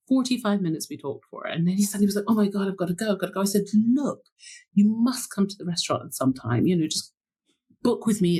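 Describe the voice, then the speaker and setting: Lively storytelling woman, slightly husky. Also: on the low side. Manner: lively anecdotes, laughs often, acts out quoted lines. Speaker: wine buyer and former sommelier. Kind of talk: storytelling interview chat.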